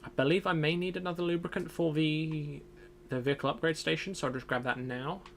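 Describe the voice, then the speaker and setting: A man's voice: on the high side, fairly even intonation, brisk, slight background noise. A young man streaming a survival game, casually thinking aloud as he plays. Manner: thinks aloud, muttering to himself. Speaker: gaming streamer. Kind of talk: casual gameplay commentary.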